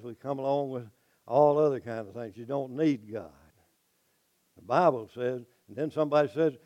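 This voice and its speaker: An older man preaching a folksy, animated sermon to his congregation. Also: fairly high pitch, no echo. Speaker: pastor.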